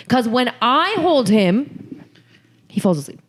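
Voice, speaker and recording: A woman's voice: fairly high pitch, very animated, takes it slowly, pauses often. Chatty woman acting out scenes. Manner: acts out scenarios, mixes in Hindi-Urdu phrases. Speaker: podcast co-host. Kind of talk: casual chat.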